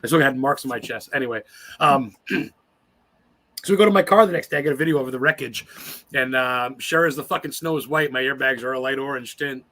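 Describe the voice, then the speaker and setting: A guest on an interview podcast, this man in his forties tells his own stories in a wandering, foul-mouthed, emotional fashion. He speaks a little fast in a mid-range voice that's bright and forceful.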